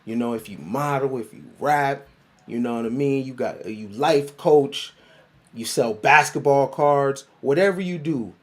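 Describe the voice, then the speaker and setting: A man hosting a casual livestream, shouting out viewers by city in loose, playful slang and repeating words for emphasis. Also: medium pitch, unhurried. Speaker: livestream host and life coach.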